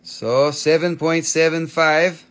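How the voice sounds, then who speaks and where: A man's voice: a little high, steady tone, slow, a bit bright. A man selling stones on a live shop stream, in joking patter with playful broken English. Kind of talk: live sales pitch.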